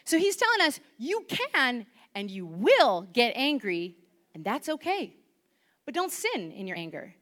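A woman giving a sermon in church, chatty and lively, asking the congregation questions. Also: fairly high pitch, measured pace. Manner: lively, conversational, asks the audience questions. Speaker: preacher.

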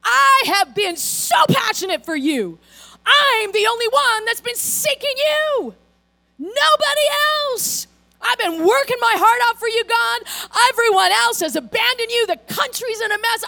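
A woman preacher voicing an indignant, self-pitying male prophet who complains loudly during her sermon. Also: very high voice, moderate pace, vocal fry, pitched above the performer's own voice, heavily acted. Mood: whiny indignant. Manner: complaining, exaggerated, loud.

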